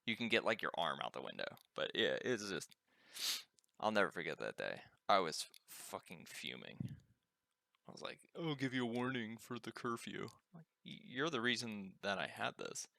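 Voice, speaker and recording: A young man swaps stories on a casual podcast, swearing freely and padding his sentences with "like". His voice sits a bit low but comes across bright and forceful. The sound is dry and close, with no room echo. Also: moderate pace, vocal fry. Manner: profane, animated storyteller with many "like" fillers. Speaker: podcast co-host. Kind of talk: casual storytelling chat.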